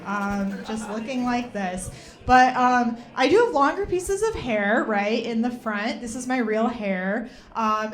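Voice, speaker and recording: A young adult woman doing a stand-up set in a comedy club, with a deadpan, self-mocking and slightly disgruntled delivery. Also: on the high side, measured pace.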